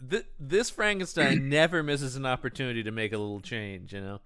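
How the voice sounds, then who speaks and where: A man's voice: medium pitch, fairly quick, crowd noise. A man co-hosting a casual movie recap, wry and quipping, acting out characters' lines. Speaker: podcast co-host.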